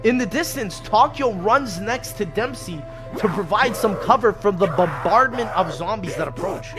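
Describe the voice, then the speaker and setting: Brief: young male narrator, high and bright, comic read-aloud, faint music under. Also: lively intonation, normal speed. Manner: joking asides, swearing.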